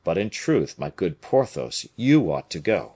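A man reading a novel aloud, voicing a subtle, gloomy male bishop who was once a musketeer, in a measured way. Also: sits low, big pitch swings, mellow, husky, full character voice.

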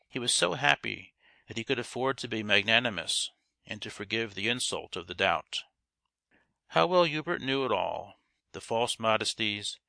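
A man reading a Victorian novel aloud in a measured, expressive way. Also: lowish voice, vocal fry, no room sound, clean studio sound. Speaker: audiobook reader. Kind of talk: scripted narration of a Victorian novel.

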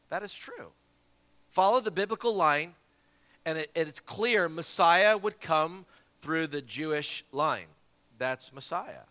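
A man from South Carolina, an evangelist preaching a sermon and telling a story with lively, repeated words. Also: on the high side, normal speed. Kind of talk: sermon with Bible reading. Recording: long hall reverb.

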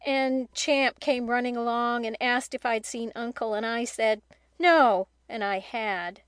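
A remorseful young boy confessing with earnest, deliberate care, read by a woman in an audiobook. The voice sits a little high and is recorded close and dry. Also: steady tone, fairly bright tone, smooth, dry recording. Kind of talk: audiobook reading.

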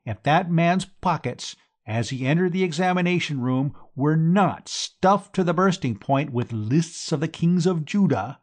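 A man reading an audiobook, voicing a tipsy, pompous young upper-class man who blusters and climbs into high indignation. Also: big pitch swings, unhurried. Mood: accusing.

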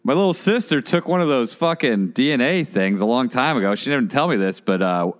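A man's voice: medium pitch, animated, fairly quick. A young man co-hosting a podcast in crude, casual chat, swearing and saying "dude" a lot. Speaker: podcast co-host.

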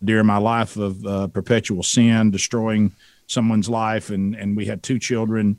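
A man's voice: on the low side, unhurried, dry recording. A middle-aged man from the South, a radio co-host telling stories in a casual interview and acting out the voices in them. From American South. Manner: animated, acts out voices in his stories. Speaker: radio show co-host, guest.

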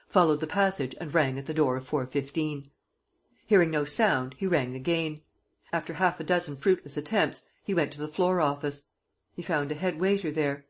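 An audiobook reader narrating a classic novel in a steady, even way. The voice has a husky grain and sits at an ordinary middle pitch.

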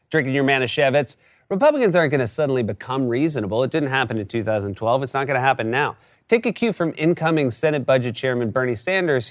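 A man's voice: on the high side, no room sound, studio quality. A man hosting a late-night comedy show, delivering a scripted sarcastic monologue.

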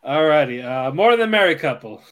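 A man co-hosting a laid-back anime podcast who laughs a lot and stumbles over his words while retelling plot. His voice sits a little high for a man. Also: lively intonation. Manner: laughing, halting recaps with restarts. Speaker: podcast co-host. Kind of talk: casual chat.

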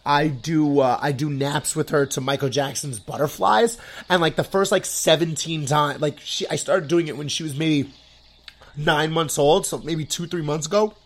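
A man's voice: on the high side, moderate pace. A young man hosting a podcast, chatting casually and rambling, with lots of fillers. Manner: rambling, full of "like" fillers, excitable. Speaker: podcast host.

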